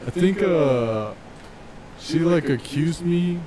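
A man's voice: on the high side, expressive, slow pace, crowd noise, rough recording. A young man co-hosting a podcast in casual chat, hesitant and searching for words as he tells a story. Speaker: podcast co-host.

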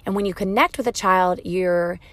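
A calm, patient woman in her thirties explains parenting ideas to other parents, speaking in a mid-pitched voice that now and then softens to near a whisper. The sound is dry and close, with no room around it. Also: moderate pace, no echo. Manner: calm, patient, explanatory, soft-spoken at times. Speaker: parenting educator. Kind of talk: advice talk to parents.

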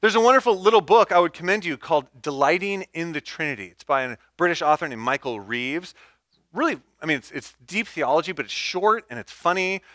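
A man's voice: on the high side, animated, fairly quick, a bit bright, no echo, clean studio sound. A man preaching a sermon, stepping through numbered points and repeating key phrases for emphasis. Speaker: pastor.

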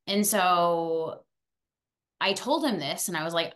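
A young woman from France, a former student, talking fast and chatty in a casual interview. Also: lowish voice, a bit bright.

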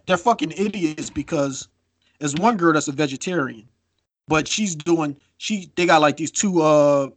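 A man's voice: on the high side, a little slow, no room sound. Profane storytelling man, dry mic. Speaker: podcast co-host. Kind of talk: casual podcast chat.

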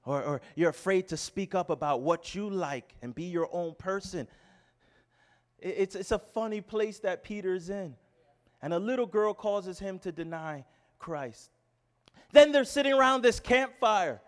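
With a high voice and a measured pace, this man preaches as a pastor, repeatedly posing rhetorical questions as he shifts from impassioned shouting to hushed storytelling.

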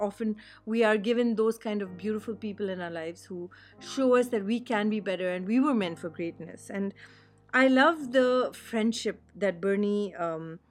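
A woman giving a casual spoken film review, earnest and reflective, with warm enthusiasm for what moved her. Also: mid-range voice.

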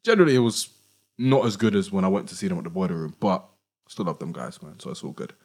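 A man's voice: deep voice, lively intonation, quick pace, darkish tone, husky. Laid-back man in his twenties. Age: 20s. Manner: laid-back, rambling with many fillers. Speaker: podcast host. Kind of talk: casual chat.

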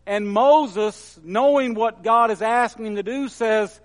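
A man preaching from the pulpit. His voice is high and his delivery is unhurried, with measured pauses and weighty quotes. The sound rings out with a long echo from a large hall. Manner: measured preaching, quoting scripture with emphasis. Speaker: pastor. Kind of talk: sermon.

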